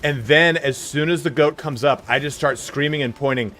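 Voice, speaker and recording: A man live-streaming a game, chatting casually and telling stories in a loud, animated voice. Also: a little high, normal speed, a little hiss or hum.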